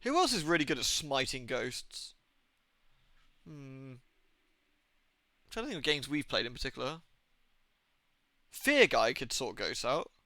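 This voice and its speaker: Young english streamer, brummie-southwest mix, bright lively voice, jokey, dry close mic. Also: male voice, mid-range voice, measured pace, pauses often, no echo. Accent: mix of Birmingham and Southwest England. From England. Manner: chatty, jokey, laughs often. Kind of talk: casual gaming commentary.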